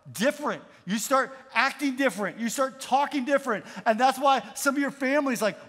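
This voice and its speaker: A middle-aged man preaching a sermon as pastor, moving from relaxed storytelling to emphatic calls and having the congregation repeat lines. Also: very high voice, moderate pace, few pauses, in a large hall. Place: large church hall.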